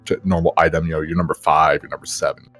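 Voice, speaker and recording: Fast-talking, rambling podcast man. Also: very deep voice, level tone, fairly bright tone, no echo, soft background music. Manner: rambling, hesitant, mock-dramatic. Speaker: podcast co-host. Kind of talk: casual comedic storytelling.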